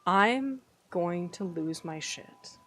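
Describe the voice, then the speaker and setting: A woman with a lowish voice live streams her game, chatting casually to herself and her viewers at an extremely slow pace. She's playfully exasperated, swears jokingly, and breaks into excited squeals.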